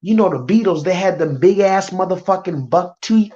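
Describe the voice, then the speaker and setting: A woman's voice: lowish voice, lively intonation, moderate pace, few pauses, warm tone. A woman hosting a live-stream reaction, brash and profane, talking straight to her chat. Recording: muffled lo-fi stream audio.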